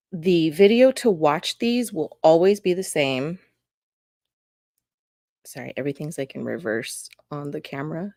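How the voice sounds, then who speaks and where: A woman's voice: deep voice, darkish tone, no room sound, clean studio sound. A woman hosting an astrology podcast, talking casually in a rambling, chatty way that keeps interrupting itself. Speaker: podcast host and astrology reader. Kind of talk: casual chat. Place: home recording on camera.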